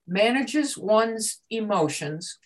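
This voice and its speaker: A woman facilitating a coaching group discussion, speaking in a measured, reflective way. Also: medium pitch, lively intonation, poor audio.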